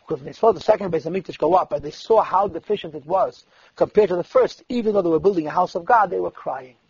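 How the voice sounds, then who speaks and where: Gravelly, husky high-voiced male storyteller. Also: quick pace, no echo. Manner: lively storyteller who voices the people he quotes. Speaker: storyteller at a religious gathering. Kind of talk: sermon-like storytelling. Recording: dull lo-fi dry recording.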